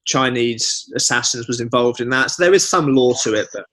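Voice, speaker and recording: A man's voice: medium pitch, a bit bright. Young guy cohosting a podcast, jokey casual chat, normal mid voice. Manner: chatty, joking, quick asides. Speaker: podcast co-host.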